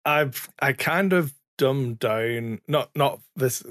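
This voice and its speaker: A man's voice: mid-range voice, slow pace, a bit bright, no room sound, clean studio sound. A man chatting casually as a podcast co-host, rambling and self-correcting, with the odd swear word. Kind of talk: casual chat. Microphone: studio mic, sometimes too far from it.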